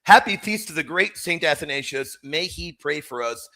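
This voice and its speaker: Middle-aged guy doing a live q&a stream, bright punchy voice, goes loud then quiet. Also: a little high, normal speed. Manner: animated and emphatic, swings between loud exclamations and quiet asides. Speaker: host of a live Catholic apologetics stream. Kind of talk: livestream chat and Q&A.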